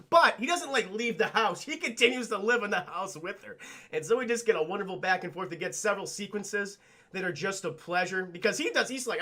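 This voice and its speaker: A man casually recapping a film on a livestream, animated and profane, laughing often and acting out the characters' lines. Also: high-pitched, brisk. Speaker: film reviewer and streamer.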